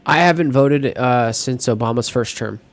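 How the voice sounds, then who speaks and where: A man's voice: medium pitch, moderate pace. A man co-hosting a casual podcast chat, rambling with lots of fillers and restarts. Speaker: podcast co-host.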